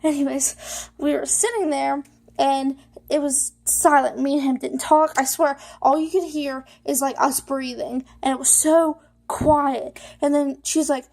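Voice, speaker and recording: High, gravelly-voiced young woman vlogger. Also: fairly even intonation, unhurried, a little mellow. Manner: rambling, many fillers like "like" and "you know"; emotional, holding back tears. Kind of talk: personal storytelling to camera.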